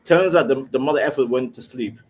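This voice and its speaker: A man's voice: medium pitch, a little fast. A man on a casual podcast chat who keeps cutting in, firing off words in repeated bursts. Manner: talks over people, repeats words in bursts.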